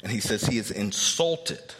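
A low-voiced man preaches in a large church hall, the long reverb trailing after his words. He teaches casually, sprinkling in fillers and tag questions, and lifts his voice to play the people he quotes. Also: a little slow. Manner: animated, acts out quoted speakers with raised pitch. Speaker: pastor. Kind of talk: sermon with Bible teaching.

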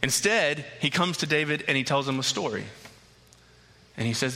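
A man delivers a sermon, telling the story plainly before building to impassioned intensity. His voice is sharp and very bright. It rings out with a long reverb, as in a large hall. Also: fairly high pitch, lively intonation, normal speed, vocal fry, long pauses. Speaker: preacher.

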